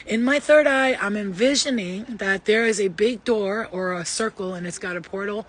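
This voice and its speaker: A woman giving a casual spiritual reading, rambling and emphatic, blunt and sometimes swearing, moving between loud urging and soft asides. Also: medium pitch, normal speed. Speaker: spiritual reader. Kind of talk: casual channelled tarot-style reading.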